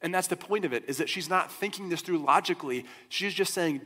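Conversational pastor in a reverberant hall. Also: male voice, a little high, fairly quick, few pauses. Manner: conversational, animated storytelling. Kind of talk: sermon. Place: church sanctuary.

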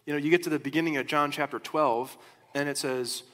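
A man preaching a sermon as a pastor, in a conversational, animated storytelling way. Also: on the high side, quick pace. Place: church sanctuary. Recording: long hall reverb.

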